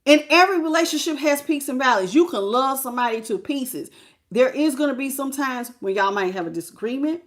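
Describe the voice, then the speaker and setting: Blunt high-voiced woman reading tarot. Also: animated, a little fast. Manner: blunt, storytelling, colloquial, addresses viewers as y'all. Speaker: tarot reader. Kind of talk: casual tarot reading commentary.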